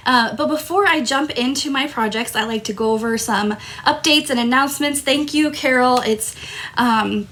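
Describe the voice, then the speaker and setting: High-pitched and a bit bright, moving at a moderate pace, this Arizona host from Tucson talks casually on her live crafting stream. She keeps coughing from a tickle in her throat and apologizes each time.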